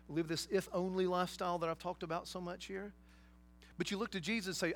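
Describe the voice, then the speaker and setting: A man's voice: high voice, fairly even intonation, a little fast, a little hiss or hum. A man preaching a sermon, emphatic, with rhetorical questions and casual asides to his congregation. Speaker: pastor.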